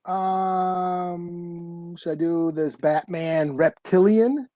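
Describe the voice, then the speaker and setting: Slow mellow-voiced man, a bit off-mic. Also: sits high, fairly even intonation, no room sound. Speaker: podcast co-host. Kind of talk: casual chat.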